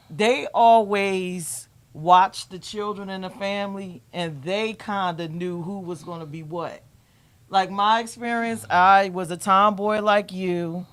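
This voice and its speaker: A woman's voice: mid-range voice, steady tone, slow pace, clean tone. Black lady chatting, telling her story, laughs a lot. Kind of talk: casual chat.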